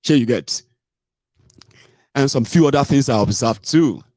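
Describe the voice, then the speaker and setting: A man's voice: mid-range voice, a little slow, darkish tone, dry recording, clean studio sound. A Nigerian man hosting a casual livestream, chatty, mixing in pidgin and frequent "eh" and "omo". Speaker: host.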